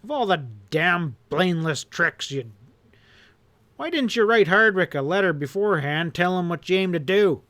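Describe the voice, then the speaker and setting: A man's voice: sits high, expressive, normal speed, bright, forceful tone, voice pushed up. A man voicing a hard, furious outlaw boss in a western audiobook, snarling and roaring his threats.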